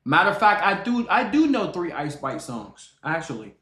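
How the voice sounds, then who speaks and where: Animated man in an echoey room. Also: sits high, normal speed, a little hiss or hum. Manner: animated, emphatic, mocking, repeats himself. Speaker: streamer reacting to a video. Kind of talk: casual reaction commentary.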